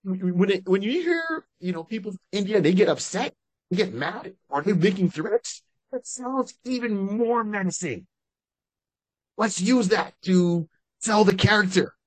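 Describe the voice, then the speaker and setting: A man's voice: high voice, animated, unhurried, dry recording. A man co-hosting a podcast, chatting casually and at length, often restarting his sentences. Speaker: podcast co-host. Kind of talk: casual fan-casting chat.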